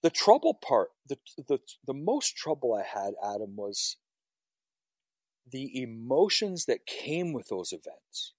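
Guy on a podcast talking raw about his past, lots of cussing, pitch all over the place. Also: big pitch swings, unhurried, dry recording. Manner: raw, profane, emotional storytelling. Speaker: firefighter guest. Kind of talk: personal story on a podcast.

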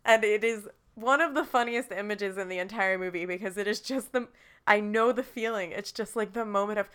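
A woman co-hosting a podcast, giggly and animated in casual movie chat. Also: medium pitch, fairly quick, clean tone. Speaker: podcast co-host.

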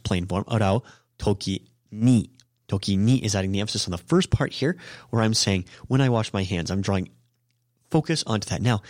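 A man with a fairly low voice teaches in a loose, off-the-cuff way, full of ums and quick self-corrections. He slows right down whenever he spells out an example phrase. The sound is dry and close, with no room around it. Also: no room sound. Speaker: Japanese language teacher and podcast host. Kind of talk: casual spoken lesson.

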